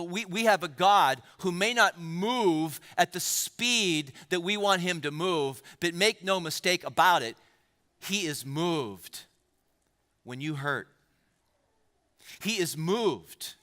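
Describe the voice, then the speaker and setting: Bright-voiced male pastor preaching. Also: high voice, long reverb tail. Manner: repeats words for emphasis, many restarts; addresses the congregation directly with questions. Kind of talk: sermon.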